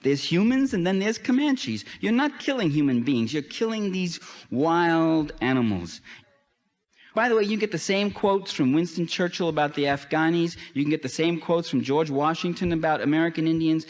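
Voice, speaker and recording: A man's voice: expressive, moderate pace. Emphatic man lecturing in a reverberant hall. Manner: emphatic, with sweeping rises and drops in pitch. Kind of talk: political lecture.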